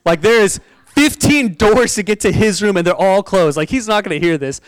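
Young man, youth-style preacher, animated and talky, bright high voice, dry close sound. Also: normal speed, clear, resonant tone, no room sound, poor audio. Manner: animated, chatty storytelling with frequent "like" and laughter. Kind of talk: sermon with personal storytelling.

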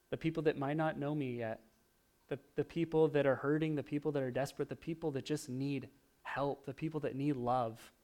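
A man preaching a sermon, animated, swinging from loud emphasis to hushed, quiet asides. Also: a little high, fairly quick. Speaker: pastor.

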